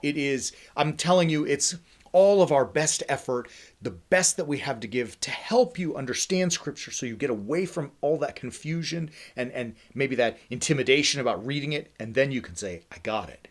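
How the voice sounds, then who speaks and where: A man hosting a faith ministry livestream, teaching in a lively, conversational way and often checking in with "right?". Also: mid-range voice, moderate pace. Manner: energetic, conversational, with frequent "right?" asides. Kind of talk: casual teaching talk.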